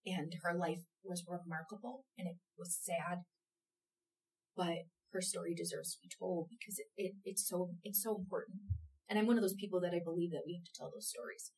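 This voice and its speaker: A woman with a slightly low voice tells a story in a casual interview, animated and emotional, acting out the lines she quotes. She sits a little back from the mic, so she sounds somewhat distant. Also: fairly quick. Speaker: theater company producer.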